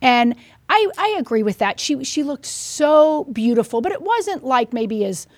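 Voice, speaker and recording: A woman's voice: sits high, very animated, unhurried, dry recording. A woman co-hosting a casual political talk podcast, chatty and agreeable, often chiming in with affirmations. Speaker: podcast co-host.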